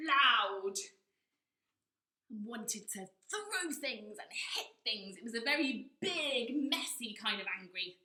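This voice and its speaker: Lively high-voiced woman leading a kids' drama lesson. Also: reverberant. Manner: encouraging, talks directly to children, acts out anger levels. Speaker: drama teacher.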